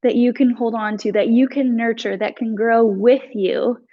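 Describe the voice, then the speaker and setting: A woman instructor leading a live yoga flow, giving calm breath cues with chatty asides, a little out of breath. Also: on the high side, normal speed, highs cut off. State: slightly out of breath. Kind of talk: live yoga class cueing.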